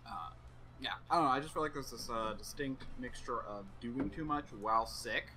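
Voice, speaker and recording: A man's voice: medium pitch, fairly quick, pushed and bright, a little hiss or hum, rough recording. A man co-hosting a casual tabletop gaming talk show, asking curious questions. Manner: curious, asks lots of questions. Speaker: guest co-host. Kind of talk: casual chat.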